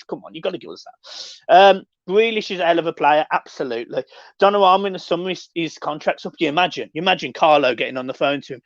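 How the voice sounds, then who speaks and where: Man, stream host, sweary banter, fairly high voice, dull dry lo-fi audio. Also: fast talker, dry recording. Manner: sweary, banter-heavy, excitable. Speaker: livestream host reading chat. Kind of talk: casual live chat.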